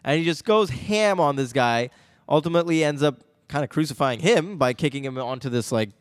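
A man's voice: fairly high pitch, brisk, no echo, studio quality. Laughing man recapping a movie. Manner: animated, laughs often, quotes lines. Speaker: podcast co-host. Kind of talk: casual chat recapping a movie.

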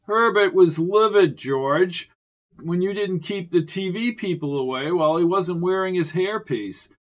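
Snooty smug official guy done by the narrator, pompous, kinda loud and clipped. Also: sits high, unhurried, voice pushed up. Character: snooty, self-satisfied male official. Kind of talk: audiobook character voice.

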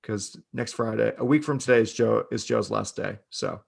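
A man co-hosting a casual podcast, laid-back and quick with dry asides. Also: on the low side, creaky, husky. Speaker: podcast co-host.

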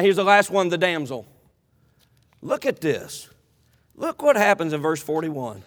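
A male preacher delivers an animated sermon, slipping into the voices of Bible characters. His voice sits high and rings bright and forceful. It carries the long reverb of a big church hall. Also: measured pace, pauses often. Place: church sanctuary.

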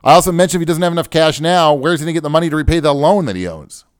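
A man's voice: fairly high pitch, very fast, clear, resonant tone, dry recording, clean studio sound. Sarcastic man hosting a podcast. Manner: sarcastic, self-mocking, ad-libbed. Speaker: podcast host. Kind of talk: unscripted podcast monologue.

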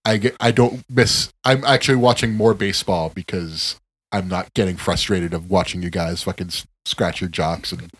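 A man co-hosting a podcast in casual chat, rambling and profane, ranting with animated emphasis. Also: deep voice, moderate pace, husky, no echo. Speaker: podcast co-host.

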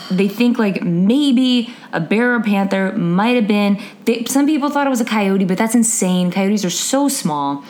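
A woman co-hosting a podcast in casual chat, chatty and quick to laugh. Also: mid-range voice, animated, a little mellow. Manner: chatty, laughs often, trails off. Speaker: podcast co-host.

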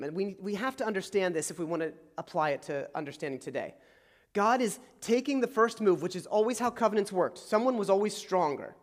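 A man's voice: high-pitched, in a large hall. A man preaching a sermon as a pastor, telling the story conversationally and acting out the dialogue. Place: church sanctuary.

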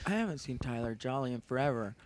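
A man's voice: mid-range voice, animated, quick pace. A man hosting a podcast, chatting casually with short reactions and teasing asides.

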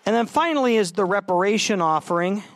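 A man's voice: high voice, lively intonation, quick pace, fairly bright tone, no echo. A man preaching a sermon in a conversational way, often restarting his phrases. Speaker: pastor.

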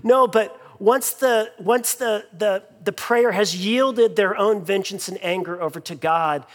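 High-voiced pastor preaching in reverberant hall. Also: male voice, measured pace. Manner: conversational preaching with frequent fillers and repeated phrases. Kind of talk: sermon. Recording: long reverb in a large hall.

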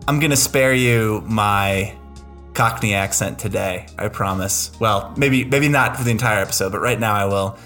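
A man's voice: lowish voice, normal speed, fairly bright tone, soft background music. A man hosting a podcast in a casual, chatty way. He is enthusiastic and self-deprecating, and often restarts his sentences. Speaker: podcast host.

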